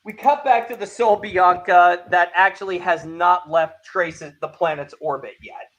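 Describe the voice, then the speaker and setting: Excitable anime recap podcaster. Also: medium pitch, a little slow, lo-fi sound. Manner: animated, laughs often, acts out quoted lines. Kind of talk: casual excited recap chat.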